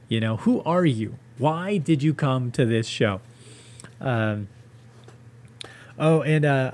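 Man, comedy podcast host, solo rant, swears a lot, sarcastic, mid-pitched voice. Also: a little mellow. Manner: profane, sarcastic ranting.

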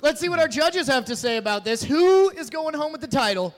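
A male host in a comedy club, hyping the crowd and calling the judges in, often shouting. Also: very high voice, lively intonation, fairly quick. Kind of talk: live show hosting. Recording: echoey live club room.

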